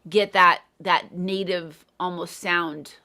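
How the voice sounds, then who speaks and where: A woman's voice: fairly low pitch, steady tone, slow pace, sharp tone. A middle-aged woman hosting a casual live interview, talking thoughtfully with many hedges and fillers. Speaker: host, English teacher.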